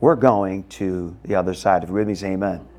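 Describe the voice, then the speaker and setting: A middle-aged man preaching a sermon in an expressive way, acting out voices in sudden loud, high bursts. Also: brisk. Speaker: pastor.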